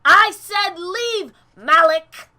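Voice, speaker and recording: A woman voicing a furious female colony leader who yells orders in a shrill voice. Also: extremely slow, exaggerated voice. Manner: shrill, yelling.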